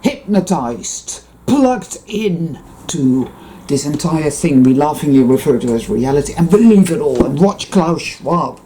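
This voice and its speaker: A woman speaks straight to her viewers in a slow, unhurried spiritual monologue. Her low voice swoops up and down with lively expression. She swears freely and keeps stopping and restarting her sentences. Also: slight background noise, rough recording. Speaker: spiritual vlogger. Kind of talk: unscripted spiritual monologue to camera.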